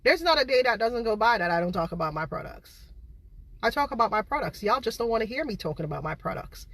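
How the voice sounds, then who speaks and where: A woman's voice: a little high, big pitch swings, fast talker, fairly bright tone, dry recording. A woman, a home baker, ranting to her viewers on a live stream, exasperated and repeating herself. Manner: exasperated, repetitive, talks straight to viewers. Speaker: home baker and online seller.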